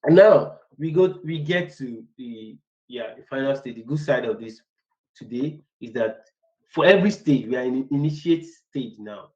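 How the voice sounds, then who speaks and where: A man's voice: medium pitch, expressive, moderate pace, a little mellow, highs cut off. A man teaching business analysis in a casual, rambling way. He repeats words and acts out short workplace exchanges. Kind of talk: casual online lecture.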